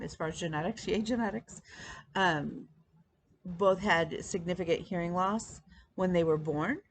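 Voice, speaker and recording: A woman's voice: on the low side, a little hiss or hum. A woman in her thirties chatting casually to camera as a stitching vlog host, rambling with many ums and restarts. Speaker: flosstube host.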